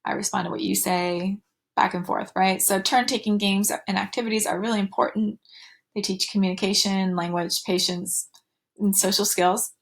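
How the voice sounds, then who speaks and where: A woman's voice: medium pitch, steady tone, moderate pace, creaky. A woman teaching a recorded slide lecture, with fillers and restarts, going sing-song when she models talk to children.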